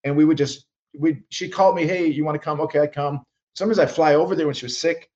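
A man speeds through his stories in an interview, jumping into the voices of the people he quotes and restarting his sentences as he goes. His voice sits a touch high for a man, and the recording sounds dull and muffled. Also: fairly even intonation, quick pace, darkish tone. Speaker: guest minister. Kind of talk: animated storytelling interview.

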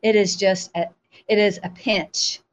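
Animated woman telling a testimony. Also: medium pitch, unhurried, a little hiss or hum. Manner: animated storytelling, acting out her own replies with laughs. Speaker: guest.

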